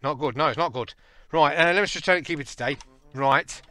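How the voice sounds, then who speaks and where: A man, casually and excitably commentating a game, joking and laughing at his own jokes. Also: on the high side, fairly quick, dry recording. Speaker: gaming channel host.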